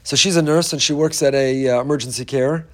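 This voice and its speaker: A man's voice: medium pitch, fairly even intonation, a little fast. A man giving an inspirational Torah talk, telling stories earnestly and emphatically, often repeating phrases for weight. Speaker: Torah teacher.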